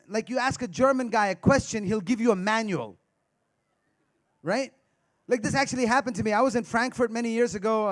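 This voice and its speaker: A man doing stand-up comedy on a live stage, teasing the crowd with banter. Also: high voice. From India.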